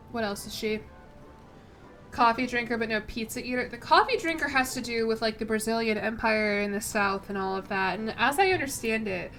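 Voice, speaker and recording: Chatty young woman streamer, higher voice. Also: fairly bright tone. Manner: chatty, self-deprecating, thinks aloud. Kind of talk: casual gameplay commentary.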